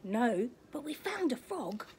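Storybook otter kid, squeaky and excited, a woman doing the voice. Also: takes it slowly, a little hiss or hum. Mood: chatty. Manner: excited, exclaiming. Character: excitable young boy otter.

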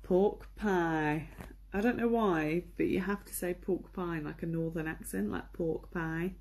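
A woman's voice: lowish voice, normal speed, vocal fry, darkish tone, a little hiss or hum. A young woman giving a chatty culture lesson, with lots of ums and ahs. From England. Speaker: presenter. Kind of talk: casual lesson on English culture.

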